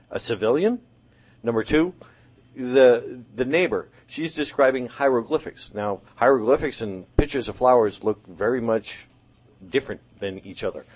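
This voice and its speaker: A man's voice: mid-range voice, a little mellow. A man making his points in a debate, pressing hard and cutting in on his opponent. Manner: pushy, interrupting. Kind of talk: casual debate.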